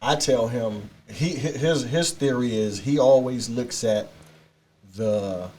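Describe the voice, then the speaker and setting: A man's voice: medium pitch, slow, a little mellow. A middle-aged man in a casual podcast chat, telling stories and repeating words as he starts sentences. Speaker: podcast guest.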